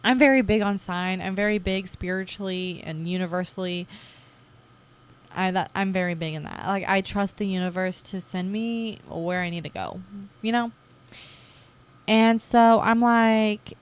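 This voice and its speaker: Young woman podcast host, casual confessional monologue, mid-range voice, lively when reenacting herself. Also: mid-range voice, normal speed, smooth. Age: 20s. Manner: chatty, animated when acting out her past self.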